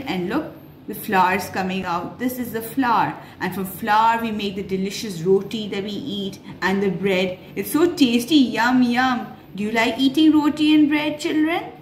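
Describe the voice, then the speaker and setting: Slow, animated woman telling children a story. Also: mid-range voice. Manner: animated, gasping, sing-song exclamations. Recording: echoey room, faint background noise.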